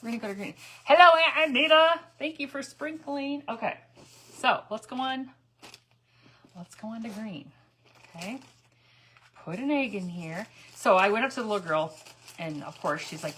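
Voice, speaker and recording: A middle-aged woman chats through a crafting live stream, greeting viewers by name between rambling stories. Her voice is bright and sharp, with a pitch that jumps around a lot. She laughs often as she talks. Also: lively intonation, moderate pace, pauses often, husky, low-quality recording. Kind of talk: chatty storytelling while dyeing eggs.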